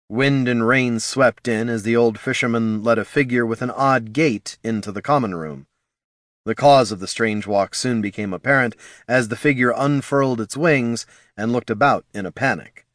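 A man narrating a fantasy story in a wry, expressive reading. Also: medium pitch, no room sound, studio quality.

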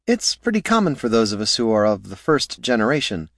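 A man voicing a soft-spoken, gentle young male scribe in a fantasy audiobook. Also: on the low side, sing-song, fairly quick, no echo, clean studio sound. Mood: mild. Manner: soft, mild.

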